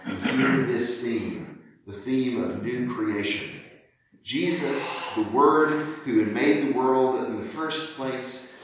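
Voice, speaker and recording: A man preaching a sermon earnestly and emphatically, acting out the quoted lines with drama. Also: mid-range voice. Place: church sanctuary. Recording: very echoey church from far off.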